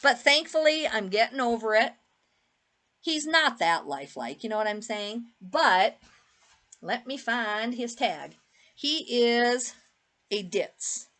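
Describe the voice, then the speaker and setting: Speaking slowly with lively intonation, a middle-aged woman with a higher, slightly bright voice presents her thrift finds. She's an eBay reseller in casual haul-video talk, using many fillers.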